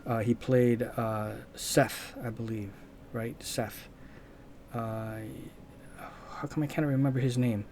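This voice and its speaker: A man's voice: mid-range voice, fairly even intonation, takes it slowly, pauses often, darkish tone, a little hiss or hum. A man hosting his own channel, talking in a casual unscripted monologue, rambling, restarting sentences and searching aloud for words. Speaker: channel host.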